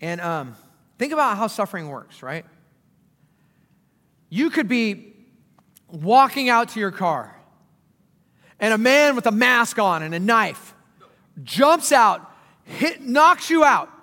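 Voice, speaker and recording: A man preaching a sermon as pastor, conversational and joking, sometimes dropping low and quiet, sometimes rising loud. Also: big pitch swings, slow pace, long pauses. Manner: conversational, joking preacher with dramatic swings in loudness. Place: church auditorium. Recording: church hall with long reverb.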